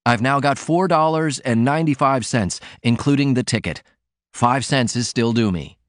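A man reading the lines of a blunt, fierce young sailor-turned-writer, barking commands in a forceful way. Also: mid-range voice, moderate pace, dry recording, studio quality, voice pushed up, close to an everyday voice.

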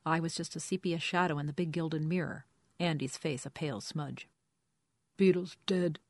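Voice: medium pitch, fairly even intonation, fairly quick, dry recording. Wry hard-boiled detective narrator. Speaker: audiobook narrator. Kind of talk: first-person detective narration.

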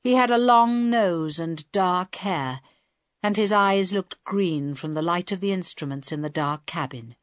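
A woman reading a story aloud as an audiobook narrator, in a deliberate, even storytelling manner. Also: fairly low pitch, dry recording, studio quality. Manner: slow, deliberate reading with quiet voiced dialogue. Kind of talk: scripted narration.

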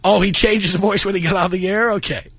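A man's voice: sits high, steady tone, fast talker, gravelly, fairly bright tone, slightly rough, no echo. A man hosting a call-in radio show, talking in a wry, mocking, lecturing way into a close studio mic. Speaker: radio talk show host.

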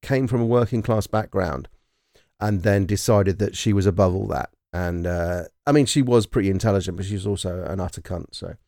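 A man's voice: low-pitched, brisk, dark tone, dry recording, studio quality. Rambling southern English podcast man. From England. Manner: rambling, full of fillers, swears freely. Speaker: podcast co-host. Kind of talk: casual chat.

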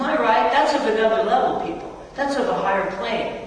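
A man's voice: very high voice, fairly quick, few pauses. Man, pastor, conversational sermon, questions to the congregation, very echoey church hall. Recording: echoey hall, distant mic.

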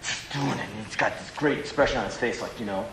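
A male stand-up comedian telling a long, profane, rambling story in an animated way to a live audience. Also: on the low side, quick pace, roomy sound, noisy background.

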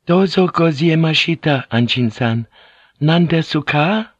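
A man voicing a shy, apologetic young Japanese noblewoman with a thin, high voice and halting speech. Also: expressive, dry recording, dull audio.

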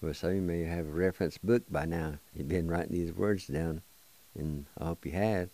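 A man's voice: low-pitched, fairly even intonation, moderate pace, mellow. A man hosting a radio language lesson, patiently spelling and sounding out words one syllable at a time. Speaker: radio host teaching a language.

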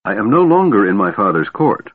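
An imperious young elf woman general, cold and proud, as a male narrator puts her on. Her lines sit higher than his usual low register, with a lively, sharp edge. The audio is thin and phone-like. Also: fairly quick.

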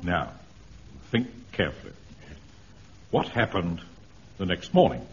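An actor playing a pompous middle-aged officer in charge, patient but exasperated, in a radio comedy. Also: male voice, low voice, sing-song, measured pace, exaggerated voice. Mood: stern. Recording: dull old radio broadcast with faint hiss.

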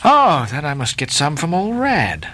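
A man voicing a calm, scheming sailor who speaks quietly with sly confidence in a storybook reading. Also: a little high, a little slow, exaggerated voice.

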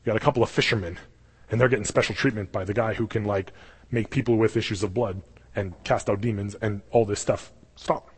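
Male pastor, husky tone, animated storyteller, long hall reverb from the sanctuary. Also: lowish voice, a little fast. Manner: animated storytelling, acts out quoted voices. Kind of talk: sermon. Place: church sanctuary.

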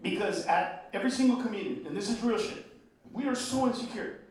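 Brash high-voiced male comic, echoey club. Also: a little fast. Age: middle-aged. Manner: brash, profane, shouting punchlines; slips into Spanish phrases. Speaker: stand-up comedian. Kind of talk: stand-up set. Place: comedy club stage. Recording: echoey club, mic at a distance, crowd noise. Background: laughing crowd.

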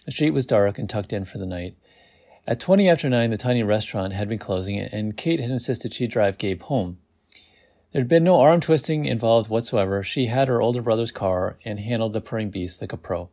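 Gravelly man reading a story aloud. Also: fairly low pitch, fairly quick, a little mellow. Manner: amused, breaks off to laugh and comment on the text. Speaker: reader.

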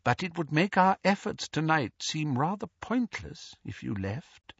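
A kindly middle-aged father wizard, quiet and reasoning, his voice rising and falling gently, as a male narrator plays him. It has a husky edge on a dry, slightly dull audiobook recording. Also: fairly high pitch, sing-song, a little slow, dry recording, pitched above the performer's own voice, heavily acted.

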